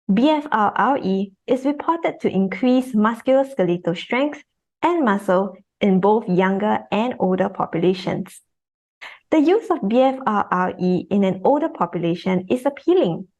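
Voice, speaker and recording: A young woman presents a scientific article on a webinar. She reads in a careful, formal way at a middle pitch, spelling out technical terms one by one over a computer mic. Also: darkish tone. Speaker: research assistant presenting.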